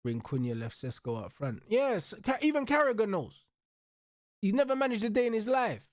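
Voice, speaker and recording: High, lively ranting man. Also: normal speed, no echo, studio quality. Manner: profane, slang-heavy, repeats tags like bro and blood. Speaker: football watch-along host. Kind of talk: heated football rant.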